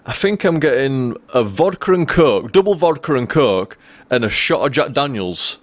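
Young male streamer, casual rambling storyteller, mid-pitched voice, dry close sound. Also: animated, moderate pace, dry recording. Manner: rambling, profane, restarts often.

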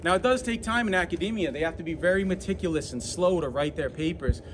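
Speaking fast in a high-pitched voice, a Boston-accented man hosts an outdoor walking tour at an ancient site, pointing things out and explaining them in an animated, persuasive style. Traffic noise can be heard in the background.

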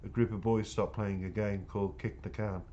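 Low-voiced man narrating an audiobook. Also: level tone, moderate pace, dark tone, dull audio. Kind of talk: first-person audiobook narration.

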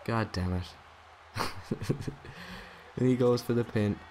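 Young male gamer, lower voice, narrating his match with excited swearing over a faint hiss. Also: slow. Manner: excitable, swears, talks to the game opponent. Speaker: gaming YouTuber. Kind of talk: casual gameplay commentary.

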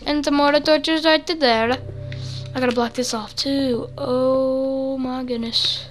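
A woman hosting casual gameplay commentary, energetic and goofy, rambling on with lots of fillers into a close desk mic. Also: high voice, slow pace, faint music behind. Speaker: gaming channel host. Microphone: desk mic close to the mouth.

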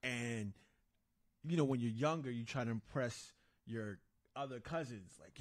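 A young man hosting a casual podcast, telling stories in an animated way and laughing often. His voice sits at an ordinary middle pitch. It is recorded dry and close. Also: a little slow, no room sound. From Haitian and Nigerian family. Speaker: podcast host.

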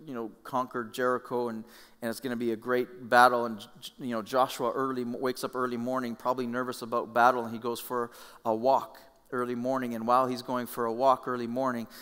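A man preaching with a bright, forceful voice, chatty and animated as he tells the story, often restarting phrases. His words trail off into the long reverb of a church hall. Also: medium pitch. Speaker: pastor. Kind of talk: sermon.

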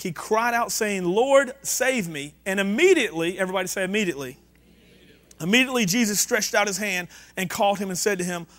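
High-voiced pastor preaching. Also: male voice, fairly bright tone. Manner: conversational preaching, reads scripture aloud, asks the congregation questions. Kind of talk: sermon. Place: church sanctuary.

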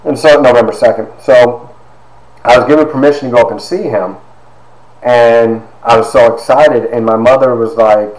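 A man in his fifties giving a personal testimony, halting with fillers and acting out quoted dialogue. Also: medium pitch, steady tone, crowd noise. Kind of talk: personal storytelling talk. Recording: roomy echo.

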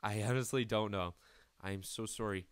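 Teen male let's-player, crude self-mocking rambler, smooth voice, dry close sound. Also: on the low side, fairly even intonation, normal speed, dry recording. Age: late teens. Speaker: gaming YouTuber. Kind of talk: casual gameplay commentary.

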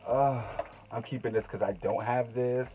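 A young man unboxing makeup in a casual vlog, excitable and gushing, gasping and breaking into shouts. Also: medium pitch, normal speed, narrow, tinny audio, background noise. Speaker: beauty vlogger.

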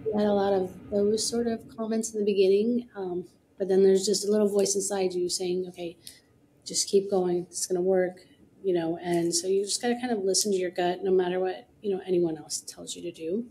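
A woman's voice: mid-range voice, steady tone, a little fast, hardly any pauses, dark tone, a little hiss or hum, rough recording. A woman co-founder speaking as an interview guest in casual, earnest, encouraging talk with many fillers.

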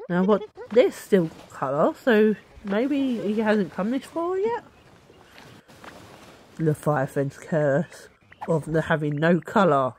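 A woman streaming a video game, chatting to her viewers in an excitable, playful way. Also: mid-range voice, slight background noise. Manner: excitable, talks to viewers, squeals and laughs. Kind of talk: casual let's-play commentary.

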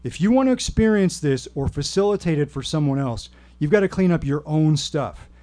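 A man voicing an earnest male hypnosis teacher who speaks gravely and gives firm instructions. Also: on the high side, animated, fairly quick, warm tone, natural voice. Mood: commanding.

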